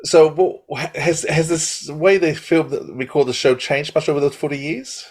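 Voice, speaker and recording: A man's voice: fairly high pitch, fairly even intonation, normal speed, darkish tone. A man interviewing a guest in a casual chat, friendly and laughing as he asks.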